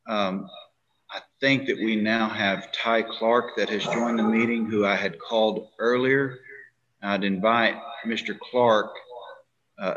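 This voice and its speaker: A man's voice: lowish voice, a bit bright, slight background noise. Polite man chairing a meeting. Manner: polite, courteous, slightly halting. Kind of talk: formal meeting moderation. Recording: dull lo-fi meeting audio.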